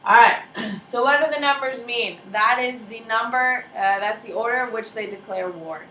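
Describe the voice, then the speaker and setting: Speaking at a moderate pace with a high, sharp voice, a woman lectures her history class playfully, quizzing students by name and impersonating countries with silly voices. The echoey classroom audio is captured from far away, with faint ambience and a little hiss or hum.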